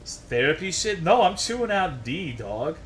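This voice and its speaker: A man's voice: a little high, very animated, moderate pace, a bit bright, soft background music. A man streaming a game, ranting to his chat in a worked-up, profane way. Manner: profane, worked-up, swears constantly.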